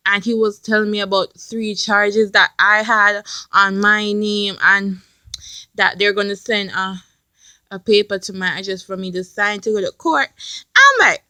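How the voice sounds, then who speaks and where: A young woman excitedly retelling a story in a storytime vlog. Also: a little high, moderate pace, dry recording. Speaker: vlogger.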